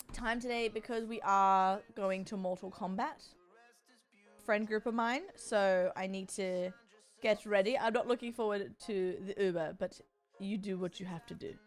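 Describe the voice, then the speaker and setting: Bubbly Australian woman streamer, high voice. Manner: bubbly and chatty, quick swings up in pitch. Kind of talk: casual chat with viewers.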